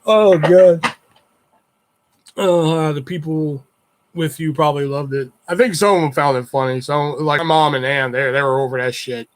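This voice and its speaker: Profane rambling man, fairly high voice. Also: normal speed. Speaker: livestream host. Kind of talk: casual storytelling chat.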